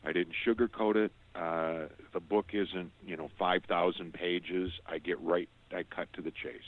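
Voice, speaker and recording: Older male interview guest, ex-radio voice, earnest and halting storyteller, slightly low pitch, thin phone-line quality. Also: fairly even intonation. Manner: earnest, halting, with repeated restarts.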